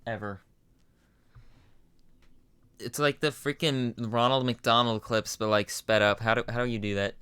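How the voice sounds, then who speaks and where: A man's voice: mid-range voice, fairly even intonation, a little slow, long pauses, pushed and bright, smooth, dry recording. A young man hosting a casual reaction video, talking in a rambling, self-interrupting way. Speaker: channel host reacting to game news.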